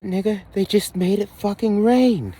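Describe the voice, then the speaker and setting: A man's voice: high voice, measured pace, dark tone, breathy edge. A man ranting in a rambling, profane monologue, restarting sentences and repeating himself, recorded outdoors on a phone. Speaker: vlogger. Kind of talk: conspiracy monologue.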